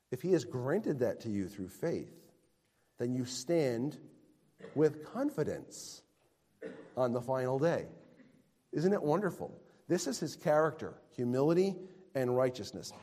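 A man preaching a sermon, swinging between loud proclamation and quiet, hushed emphasis. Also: on the high side, long reverb tail.

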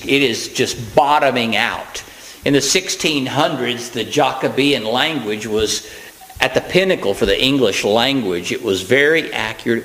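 A man preaching a sermon in a conversational way, with folksy asides and acted-out quotes, plain and unhurried, with frequent fillers and restarts. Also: medium pitch, fairly bright tone, poor audio.

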